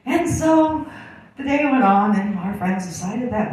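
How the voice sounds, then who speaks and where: Woman comic, low-pitched, blunt and foul-mouthed, recorded in an echoey room from a distance. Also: expressive, fairly quick, mellow, a little hiss or hum. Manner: crude, sarcastic, blunt. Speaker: comedian. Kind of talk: stand-up storytelling.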